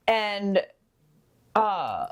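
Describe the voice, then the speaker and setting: A young woman co-hosting a podcast, telling a bartending story in a casual, swearing, animated way. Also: mid-range voice, extremely slow. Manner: swears freely, animated when quoting people.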